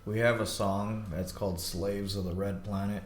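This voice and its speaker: A man's voice: fairly low pitch, little pitch movement, normal speed, reverberant. A man guesting on a podcast as a musician, chatting casually with laid-back, short replies. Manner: laid-back, short agreeing replies, loud mock outbursts. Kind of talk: casual chat.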